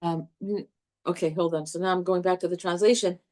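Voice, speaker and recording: Animated woman teaching a Torah class. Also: fairly low pitch, a little fast. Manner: animated, warm with students, restarts often.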